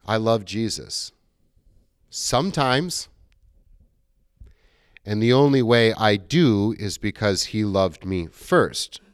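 A man's voice: fairly low pitch, smooth, dry recording, clean studio sound. A middle-aged male pastor giving a conversational sermon, acting out quoted dialogue as he goes.

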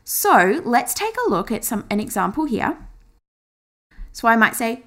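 Lively woman coaching on camera. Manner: demonstrates fast and slow, high and low delivery; encouraging, chatty. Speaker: marketing coach. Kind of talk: on-camera teaching.

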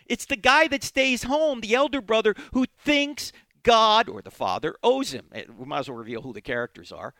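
A man's voice: sits high, a bit bright, dry recording. A man hosting a radio Bible teaching show, speaking emphatically and posing questions he then answers himself, into a studio microphone. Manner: emphatic, asks and answers his own questions.

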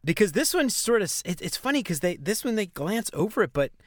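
A man's voice: high-pitched, very animated, a little fast, no room sound, clean studio sound. A man from New Orleans with a New Orleans accent, co-hosting a podcast in casual, rambling chat and laughing often. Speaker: podcast co-host.

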